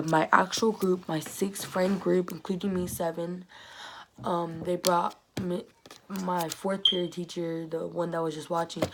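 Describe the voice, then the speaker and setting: This teen vlogger's voice is on the low side, and there's noise in the background as she chats and rambles through a casual storytime about her school friends, acting out the quotes.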